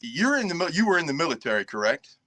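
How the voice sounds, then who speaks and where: Bright folksy Virginia man. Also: on the high side, big pitch swings, fast talker. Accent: Virginia Southern. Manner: folksy, chuckling, drawling. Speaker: guest caller. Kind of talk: casual podcast chat.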